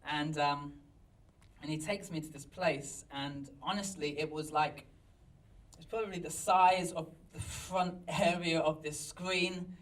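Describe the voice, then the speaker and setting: A pastor telling a story in a sermon, animated and self-mocking, recorded in a church. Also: male voice, a little high, measured pace, recorded from a distance, low-quality recording. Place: church hall.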